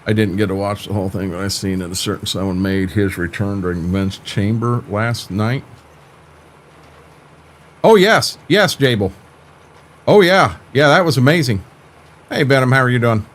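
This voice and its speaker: A man's voice: fairly low pitch, animated, normal speed, pauses often. An older man chatting casually on a live stream about farming games, laid-back and folksy, often stumbling and repeating words.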